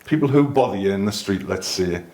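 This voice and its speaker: A man's voice: fairly low pitch, animated, a little fast, echoey room, very noisy. A middle-aged man with a Geordie accent, chatting as an interview guest, self-deprecating and joking. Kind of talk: casual chat.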